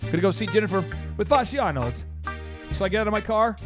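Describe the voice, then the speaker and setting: A man's voice: sits high, fast, over music. A man hosting a business coaching podcast, telling stories emphatically and restarting his sentences often. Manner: emphatic, animated storytelling with many restarts. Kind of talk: energetic coaching talk with anecdotes.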